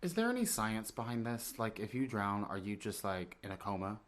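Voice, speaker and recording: A man's voice: lowish voice, expressive, fairly quick. A man co-hosting a podcast, giving sassy, wry commentary on a TV drama with playful swearing. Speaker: podcast co-host. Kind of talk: casual recap chat.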